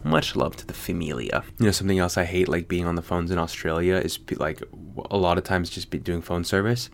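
A man's voice: low-pitched, little pitch movement, quick pace, a little hiss or hum. An American man hosting a podcast, rambling casually with lots of fillers and swearing. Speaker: podcast host. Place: Sydney.

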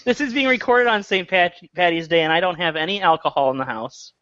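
A man's voice: sits high, fairly quick, a bit bright, no echo. A man who is a guest on a casual movie podcast, joking around in a playful way. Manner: playful, jokey. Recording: dry, dull lo-fi sound.

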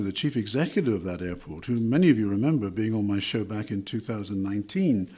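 An older man hosting an interview, speaking in a measured, courteous way from a hotel. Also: medium pitch, darkish tone, husky. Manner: measured and courteous, with scripted intro. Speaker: podcast interviewer. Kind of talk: hosted interview. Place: hotel room.

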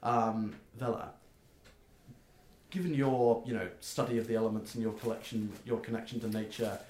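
Halting man running a tabletop game. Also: on the low side, steady tone, a little mellow, a little hiss or hum. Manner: halting, many fillers. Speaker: game master. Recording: roomy echo.

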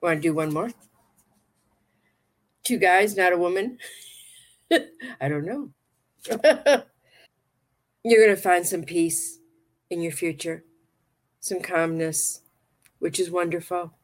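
A woman's voice: fairly low pitch, takes it slowly, pauses often. Chatty woman hosting a livestream. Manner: chatty, rambling and affectionate, often repeating words. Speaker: livestream talk show host and tarot reader. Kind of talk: casual livestream chat.

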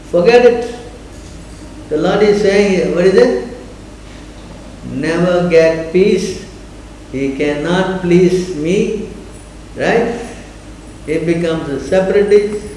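In an echoey room with faint noise, a man with a high-pitched, slightly mellow voice gives a scripture class lecture. He speaks slowly with long pauses, questioning his listeners and repeatedly prodding them to answer.

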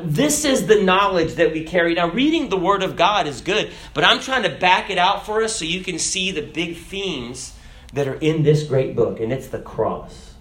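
A man's voice: high-pitched, a bit bright. A man preaching a sermon, asking the congregation rhetorical questions and reading scripture aloud.

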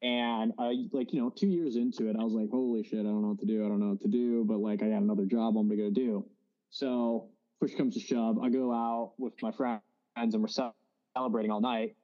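A man's voice: on the low side, flat delivery, fairly quick, dull audio. A young man in his twenties telling a rambling story on a casual podcast, full of fillers. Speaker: podcast host. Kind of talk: casual chat.

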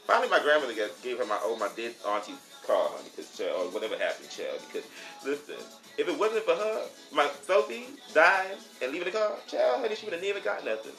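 A man's voice: a little high, big pitch swings, fast, hardly any pauses, a bit bright. A man telling stories in a casual, sassy, profane way, calling the listener honey and child as he goes. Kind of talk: casual storytelling. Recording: roomy echo with faint music.

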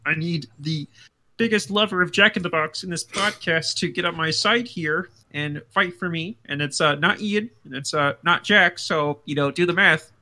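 A man voicing the ghost of a dead puppeteer in a flattened Kermit-like voice, halting and swearing often. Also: fairly high pitch. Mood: deadpan. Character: ghost of a late puppeteer, grumbling middle-aged man. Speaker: podcast co-host. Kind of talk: improvised comedy bit.

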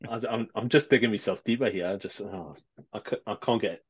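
A man co-hosting a casual film chat, halting and self-deprecating as he talks. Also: on the low side, breathy edge. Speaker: podcast co-host. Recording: slightly dull lo-fi sound.

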